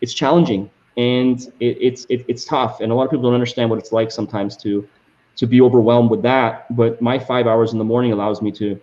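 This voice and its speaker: A man's voice: mid-range voice, fairly even intonation, a little fast, darkish tone, highs cut off. Passionate man with restarting speech. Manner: passionate, repeats words while restarting sentences. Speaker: guest entrepreneur. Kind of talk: reflective interview answers.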